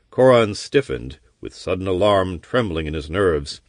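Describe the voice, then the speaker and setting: A man's voice: low voice, lively intonation, measured pace, few pauses, no echo, clean studio sound. A man narrating an audiobook expressively in a storytelling manner. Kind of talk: scripted narration.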